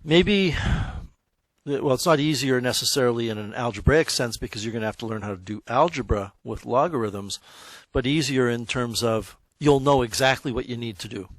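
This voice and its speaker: A man teaching a math class, explaining in a relaxed, conversational way that stops to check in with the students. His voice sits at an ordinary middle pitch for a man. The sound is dry and close, with little room echo. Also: normal speed. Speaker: high school math teacher. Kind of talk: classroom lecture.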